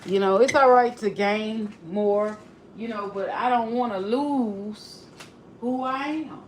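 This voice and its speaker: A woman with a regional accent talks slowly and unhurriedly in a casual livestream chat. Her voice sits at a middle pitch, and she muses aloud, circling back and restarting her sentences as she thinks. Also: slight background noise. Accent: non-local regional accent. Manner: reflective, repeats and restarts phrases. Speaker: livestream host.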